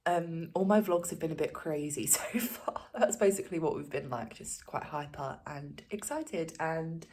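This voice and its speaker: A woman's voice: deep voice, moderate pace, hardly any pauses, a little mellow. A young woman vlogging casually from musical rehearsals, chatty and giggly. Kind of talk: casual vlog chat.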